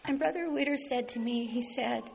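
This Canadian woman's fairly high voice is gravelly and a little mellow, moving at normal speed as she shares a personal faith testimony. She's heartfelt and earnest, laughing through tears. Expect a slightly dull sound with faint hiss.

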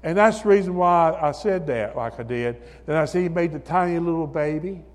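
A man preaching a sermon in church, building to shouted hallelujahs and calling on listeners by name. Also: fairly high pitch, brisk. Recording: long reverb of a hall.

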